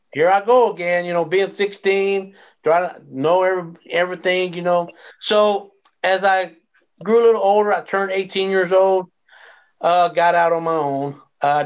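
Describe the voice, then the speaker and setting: Interview guest, male, raised pitch, animated testimony storytelling, muffled lo-fi audio. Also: a little slow, clear, resonant tone. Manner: animated storyteller acting out quoted dialogue. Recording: dull lo-fi sound.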